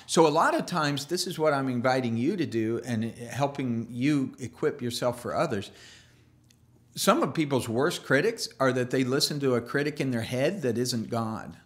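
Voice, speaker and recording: A man's voice: mid-range voice, lively intonation, normal speed. A man preaching a sermon as a pastor, in a loose conversational way with restarts and playful asides.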